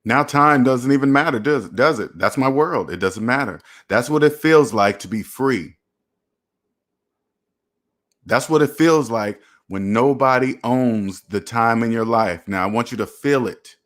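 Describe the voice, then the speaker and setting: A man's voice: mid-range voice, unhurried, fairly bright tone. Preachy man. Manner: preachy, repetitive, emphatic, addresses viewers as "you guys". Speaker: personal finance channel host. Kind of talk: motivational livestream talk.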